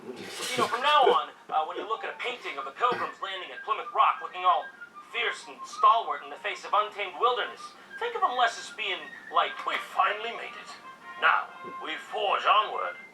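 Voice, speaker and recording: A man narrating comedic history, sarcastic and animated, with swearing and mock outrage. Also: high-pitched, a little fast, distant mic, over music, rough recording.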